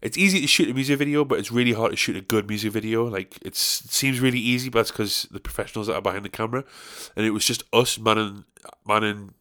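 On his casual solo podcast, a weary young host rambles, curses, and pokes fun at himself. His lowish voice is bright and forceful, and he talks fast with hardly any pauses.

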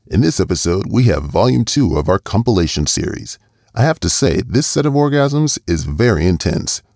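Male podcast host, low voice with gravelly edge, dry close sound, relaxed reading. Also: normal speed, no echo. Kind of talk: scripted podcast introduction.

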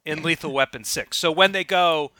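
A man's voice: fairly high pitch, normal speed, sharp tone, slight background noise. A man co-hosting a comedy podcast, trading playful improvised jokes. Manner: playful, jokey.

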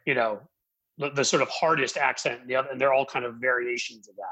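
A man's voice: medium pitch, fairly even intonation, fast talker, bright, forceful tone, slightly rough, low-quality recording. A man hosting a podcast, chatting casually and bluntly, cursing freely. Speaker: podcast host.

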